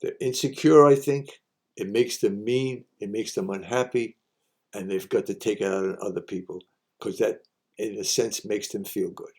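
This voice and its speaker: Sharing homespun sayings in a folksy monologue, this male host speaks at a normal speed with a fairly low pitch, a steady tone, and a slightly mellow quality. He repeats every saying to drive it home.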